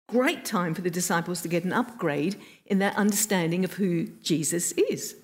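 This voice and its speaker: Woman preaching with expressive storytelling. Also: on the low side. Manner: expressive storytelling delivery with emphatic pauses. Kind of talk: sermon.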